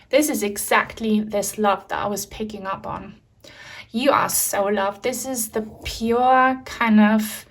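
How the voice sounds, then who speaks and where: A woman's voice: on the high side, fairly bright tone. A woman giving a pick-a-card tarot reading, talking in an emotional, reassuring way with many fillers. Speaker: tarot reader.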